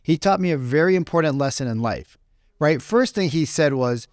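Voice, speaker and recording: A man's voice: on the high side, expressive, moderate pace, no room sound, clean studio sound. A man around forty telling a rambling business story in a casual talk and keeping on asking "right?". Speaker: business speaker.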